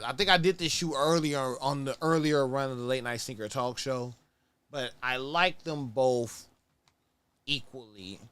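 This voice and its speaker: A man's voice: medium pitch, a bit bright, clear, resonant tone. A man hosting a casual sneaker review show, talking in a laid-back, rambling way, often correcting himself and sounding tired. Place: at home on camera, moving around.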